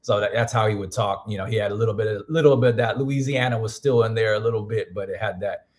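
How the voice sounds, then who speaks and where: A hoarse man in casual live-stream chat, rambling with frequent restarts and fillers. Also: on the low side, fast. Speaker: music producer streaming.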